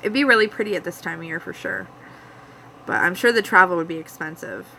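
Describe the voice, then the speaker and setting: A young Canadian woman with a bright, forward voice chats loosely with her live viewers, calling out their names between stray thoughts. She speaks with an easy Canadian accent at a middling pitch, and a faint hum of noise sits under her voice. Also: very animated, a little fast, low-quality recording. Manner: rambling, chatty, talks to viewers by name. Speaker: vlogger hosting a live chat. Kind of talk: casual live-stream chat. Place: home.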